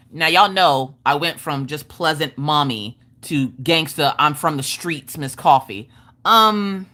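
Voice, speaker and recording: A woman hosting a livestream, telling viewers a story in a casual, animated way, blunt and quick to swear. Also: sits low. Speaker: livestream host.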